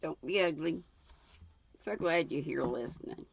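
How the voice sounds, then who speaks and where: Slow, gravelly, folksy Southern woman. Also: deep voice. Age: older. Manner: homey, folksy. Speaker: host reading a novel aloud. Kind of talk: audiobook reading and casual sign-off.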